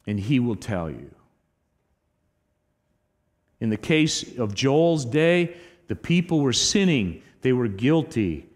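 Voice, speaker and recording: A male pastor delivering a sermon in a church sanctuary, his voice trailing off into a long reverb. He talks emphatically, rising to loud exhortation and then dropping to a hushed, earnest tone. His pitch sits in the middle range for a man.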